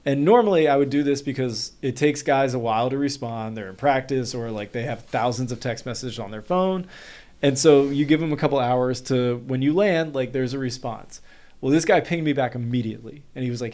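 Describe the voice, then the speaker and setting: A man in his thirties from North Carolina, a guest on a podcast, tells a story in casual conversation. He talks fast and animatedly, dropping lots of "like" fillers, in a middle-pitched voice that's a little mellow.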